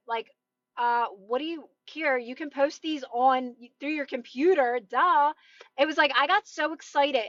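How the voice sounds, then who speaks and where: A high-pitched woman talks viewers through her ideas in a friendly, encouraging way, often checking in with them. She streams live on a phone from her parked car. The sound is close and dry, and a little dull. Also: fairly bright tone, dry recording. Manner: encouraging, chatty, often asks "right?". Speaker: manifestation coach streaming live. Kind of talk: casual live-stream motivational chat.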